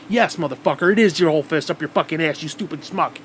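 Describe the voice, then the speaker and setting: Vlogger, male, voice sitting a bit high, furious profane rant, faint AC hum underneath. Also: fast, few pauses. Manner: heated, swearing constantly, restarting sentences. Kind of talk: angry profane rant to camera.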